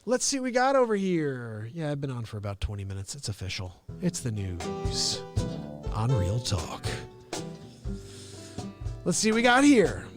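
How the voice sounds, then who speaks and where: A middle-aged man hosting his own daily live show, talking straight to viewers in a chatty, animated way. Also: mid-range voice, moderate pace, long pauses, over music. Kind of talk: casual live-stream monologue.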